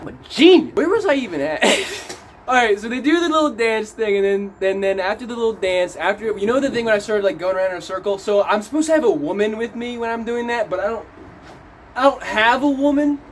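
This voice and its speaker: Young man, high-pitched, casual movie recap, profane, animated, faint noise behind. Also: brisk. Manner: animated, profane, acts out scenes. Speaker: movie reviewer. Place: outdoors in wet cold weather.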